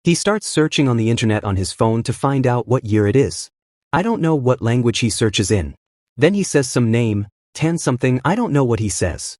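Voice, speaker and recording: A man's voice: mid-range voice, animated, moderate pace, a little mellow, no room sound, studio quality. Chatty man narrating a story recap. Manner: chatty, admits confusion with asides.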